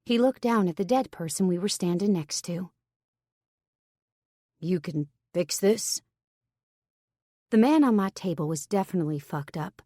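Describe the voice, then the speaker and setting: A woman narrating a first-person romance audiobook in a steady, wry storytelling manner. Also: mid-range voice, brisk, few pauses, no room sound, clean studio sound.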